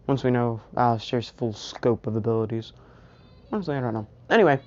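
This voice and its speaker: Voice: mid-range voice, brisk, darkish tone. Young improvised storyteller, tangent-prone and chatty, on a muffled recording. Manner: rambling, full of "you know" and tangents. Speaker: fan fiction storyteller. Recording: dull lo-fi recording.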